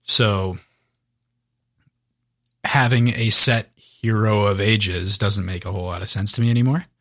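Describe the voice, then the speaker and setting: A man co-hosting a casual book podcast, speaking in a measured, thoughtful way. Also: lowish voice, steady tone, sharp tone.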